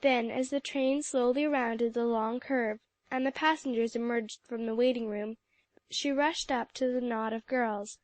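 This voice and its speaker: A woman reading a classic children's novel aloud in clear, even storytelling narration. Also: on the high side, measured pace, no echo. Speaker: audiobook narrator. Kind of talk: scripted narration.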